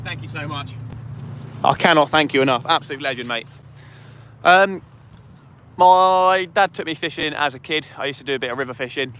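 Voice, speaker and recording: A man's voice: mid-range voice, bright, forceful tone, slight background noise. A man, hosting a fishing livestream and chatting casually with viewers, eager and thankful. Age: 20s. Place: outdoors by a river at night.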